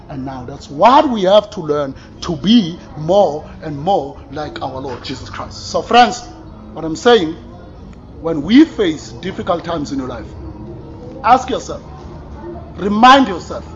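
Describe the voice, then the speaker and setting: High-voiced animated preacher. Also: male voice, unhurried. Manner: animated, swings from loud exclamations to quiet asides, frequent laughs. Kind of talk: sermon. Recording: slightly dull recording with faint room ambience.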